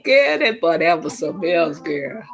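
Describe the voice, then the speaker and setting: A woman's voice: on the low side, poor audio. A middle-aged woman telling a story in casual chat on her live stream, exclaiming as she goes. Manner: animated, exclaiming, drawn-out Southern phrasing.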